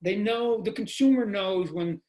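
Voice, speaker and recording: A man's voice: sits high, unhurried, dark tone. A man, a comic book creator, telling stories as a podcast guest over a video call, animatedly acting out quotes and sound effects. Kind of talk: casual podcast conversation. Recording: roomy video call audio.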